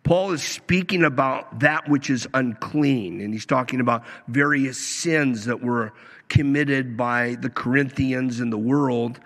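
A man's voice: medium pitch, a little slow, fairly bright tone. A man preaching a sermon, emphatic, acting out the quoted lines as he goes. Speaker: pastor. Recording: long reverb of a hall.

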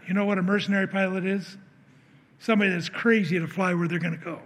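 A man's voice: high voice, pushed and bright. A man preaching a sermon, telling a personal story in an earnest way, acting out the dialogue and often restarting his sentences. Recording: long hall reverb.

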